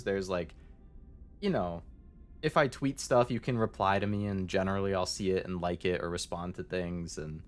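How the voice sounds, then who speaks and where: A man streaming as a VTuber, chatting casually and rambling as he answers his chat, with many fillers. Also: on the low side.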